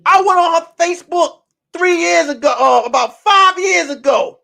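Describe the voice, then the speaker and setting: A man hosting his own stream, telling a story in a loose, profane way that swings from hushed whispers to shouting. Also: very high voice, slow, gravelly. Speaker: show host. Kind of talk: casual storytelling on a livestream.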